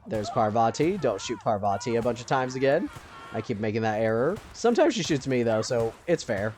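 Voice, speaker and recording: A man giving casual let's-play commentary, thinking aloud and now and then breaking into panicked yelling. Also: mid-range voice, lively intonation, fairly quick, slight background noise.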